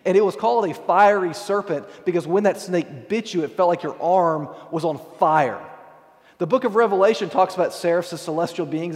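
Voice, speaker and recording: A man preaching a sermon in a church, in a casual, conversational way, with frequent asides to the congregation. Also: a little high. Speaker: pastor. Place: church sanctuary. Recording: long hall reverb.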